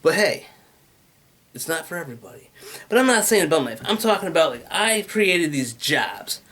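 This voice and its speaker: A man's voice: fairly high pitch, very animated, normal speed, sharp tone. A man in a casual, rambling rant, swearing often and restlessly jumping between ideas. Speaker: vlogger pitching his venture.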